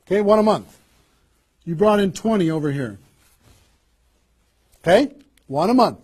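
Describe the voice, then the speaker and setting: Guy with a high husky voice pumping up a crowd at a sales training, lots of rhetorical questions. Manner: energetic, repeats rhetorical questions, coaching the audience. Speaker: network marketing trainer. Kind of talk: motivational seminar talk.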